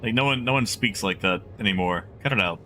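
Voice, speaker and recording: A man's voice: on the low side, fairly quick, sharp tone, a little hiss or hum. A man streaming a game live, chatting casually and rambling as he muses aloud to his chat.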